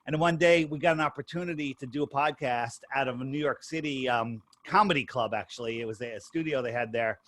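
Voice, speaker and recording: This middle-aged guest from the US recounts his story on a podcast with emphasis, speaking in rapid spurts as in a casual interview. He has a mid-range voice with a fairly bright quality.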